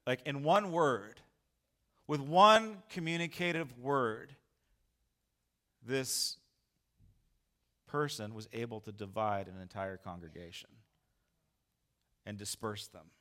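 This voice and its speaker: Bright, animated preaching man. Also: mid-range voice, slow, long pauses. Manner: animated, acts out his own lines loudly. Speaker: pastor. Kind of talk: sermon storytelling.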